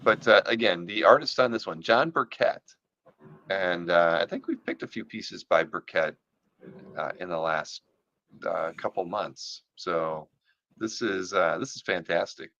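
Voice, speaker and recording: A man's voice: deep voice, unhurried, a bit bright, highs cut off. A man hosting a casual chat about comic art, rambling with many fillers and restarts, and losing his voice. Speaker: podcast host.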